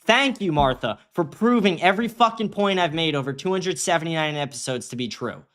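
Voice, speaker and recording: A man's voice: fairly high pitch, lively intonation, fairly quick, fairly bright tone. Profane, ranting young male streamer. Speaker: host. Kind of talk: livestream commentary reading chat.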